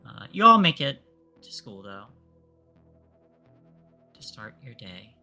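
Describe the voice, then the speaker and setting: A man narrating a tabletop role-play as game master, often halting with fillers and restarts. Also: lowish voice, very animated, pushed and bright, faint music behind. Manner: hesitant, many fillers and restarts.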